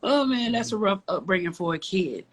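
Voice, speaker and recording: A woman's voice: mid-range voice, lively intonation, normal speed. A woman from the south side of Chicago, a guest telling a story in a casual interview, emphatic and frank, repeating phrases for effect.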